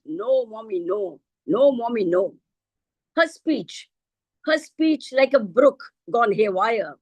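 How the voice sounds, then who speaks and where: A woman's voice: a little high, no echo, poor audio. A middle-aged woman reciting her own poem expressively over a video call. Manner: expressive, shifts into a child's voice for quoted lines. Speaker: poet. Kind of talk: poetry recital.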